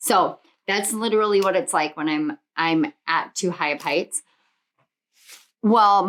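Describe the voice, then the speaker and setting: A woman's voice: on the low side, a bit bright. Earnest woman giving a tarot reading. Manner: earnest, reassuring, wanders into personal tangents; repeats affirmations in rhythmic lists. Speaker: tarot reader. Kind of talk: spiritual pick-a-card tarot reading.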